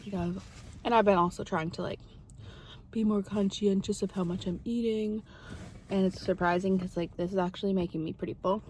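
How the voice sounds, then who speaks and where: A woman's voice: mid-range voice, steady tone, brisk, darkish tone, a little hiss or hum. A young woman in a casual vlog, chatting to viewers while eating through a big meal, rambling and easygoing. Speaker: mukbang vlogger. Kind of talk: casual eating chat to camera.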